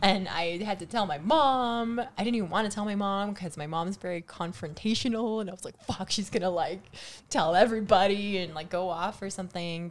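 A young woman co-hosting a casual chat, talking candidly, swearing often and restarting her sentences. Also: fairly low pitch. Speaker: podcast co-host.

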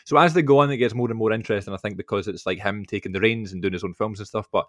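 Fast-talking young man, dry close mic. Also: fairly low pitch, no room sound. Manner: rambling storytelling, many fillers and asides. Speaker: podcast co-host. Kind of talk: casual film podcast chat.

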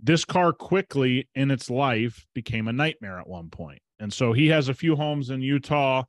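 A male podcast host tells a long story in a chatty, emphatic way, acting out past conversations with quoted dialogue. His pitch is ordinary and mid-range, his intonation lively, and his pace normal. The recording is close and dry, with no room sound at all.

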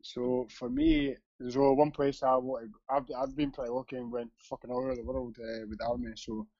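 A man's voice: medium pitch, fairly quick, gravelly, a little mellow, no room sound. Sweary Scottish man, lo-fi podcast. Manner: sweary, blunt banter. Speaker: podcast co-host. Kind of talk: casual podcast chat. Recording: dull lo-fi sound.

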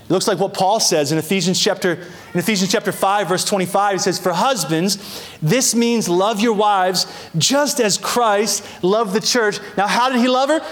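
A man's voice: high-pitched, moderate pace. A young adult man preaching a sermon as pastor, emphatic, drawing out key phrases and repeating words, acting out quoted lines. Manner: acts out voices in quoted prayers and asides.

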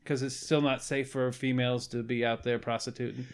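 A young man co-hosting a podcast, trading crude jokes and sometimes sinking into a low, murmured mock-ASMR voice. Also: little pitch movement, fairly quick, clean tone. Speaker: podcast co-host. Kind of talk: crude comedic podcast banter.

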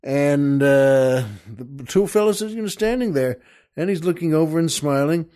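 Guy hosting his show, telling a long silly joke, folksy and chuckly, a bit higher voice. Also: lively intonation, moderate pace, dark tone. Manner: folksy, rambling, chuckles often. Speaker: host.

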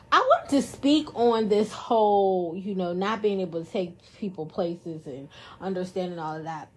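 A woman's voice: on the low side, breathy edge. A woman hosting a podcast in casual chat, playful and jokey, talking into a studio microphone. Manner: playful, jokey, self-praising. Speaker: podcast host.

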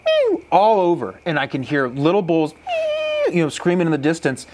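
An animated young man tells a story on a podcast. His voice swoops widely and sits a little high for a man. He breaks into animal calls as he talks. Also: a little fast, heavy background noise. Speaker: podcast co-host. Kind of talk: casual storytelling.

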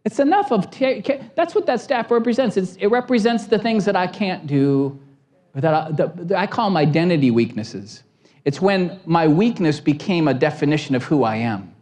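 Lively storytelling man preaching. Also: high-pitched, moderate pace. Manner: lively, storytelling, acts out voices, laughs at himself. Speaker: pastor. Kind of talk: sermon.

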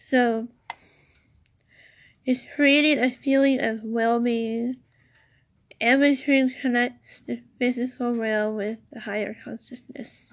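Woman podcast host, slightly high voice, slow halting read with fillers, chatty asides. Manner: slow, halting reading with many fillers and restarts. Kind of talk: casual solo podcast about crystals.

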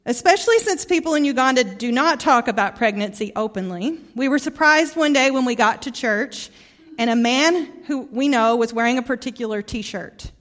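A woman's voice: a little high, lively intonation, moderate pace. Woman preaching with a Southern Arkansas accent. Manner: warm storytelling, heartfelt, often drops soft and quiet. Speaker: guest preacher. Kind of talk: sermon. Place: church sanctuary.

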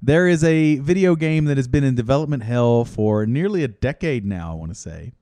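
A man's voice: mid-range voice, expressive, fairly quick, warm tone, dry recording. A man co-hosting a comedy podcast, chatting casually and rambling off mid-sentence. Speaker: podcast co-host.

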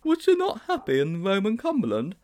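A man putting on a young schoolboy, eager and inquisitive, with a voice pushed high and bright, a storybook child full of questions. The pitch swings widely from line to line. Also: wildly swooping pitch, brisk.

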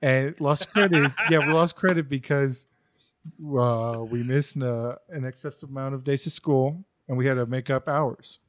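A man's voice: medium pitch, moderate pace, dry recording. A young man chats on a podcast in a loose, meandering way, full of likes and ums. He sits close to the mic in a dead, dry room. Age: young adult. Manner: rambling, lots of likes and ums. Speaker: podcast co-host. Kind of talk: casual chat.

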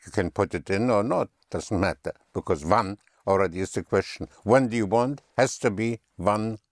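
A man's voice: on the low side, normal speed, no room sound, studio quality. A man teaching German in a patient one-on-one lesson, often spelling words out letter by letter.

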